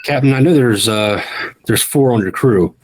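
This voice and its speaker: A man's voice: mid-range voice, voice pushed up, lightly acted, poor audio. A man voicing a hesitant woman who politely questions a ship captain in a tabletop game. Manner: halting, polite.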